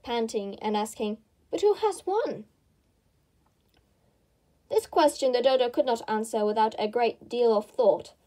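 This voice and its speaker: Woman storybook reader, slightly high, gentle and plain. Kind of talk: reading a storybook aloud.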